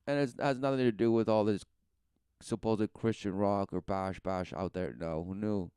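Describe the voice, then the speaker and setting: A man's voice: on the low side, fairly even intonation, moderate pace, mellow, smooth, no room sound, clean studio sound. A man preaching in a rambling talk, often tossing in rhetorical questions. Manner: rambling, keeps asking "who knew" and "right?".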